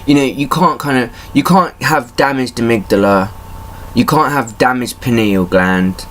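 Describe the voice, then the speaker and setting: A man of medium pitch vents to the camera in a personal vlog, hurting and angry. He swears freely, and his rants climb in heat. A faint hiss of room noise sits behind him. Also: normal speed, a bit bright. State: in pain. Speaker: vlogger.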